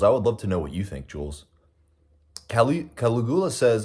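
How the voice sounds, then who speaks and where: A man's voice: on the low side, very animated, normal speed, darkish tone, slightly rough. A young American man hosting a casual livestream, eating breakfast while he reads and answers viewer comments in a rambling, reflective way with many fillers. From United States. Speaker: livestream host.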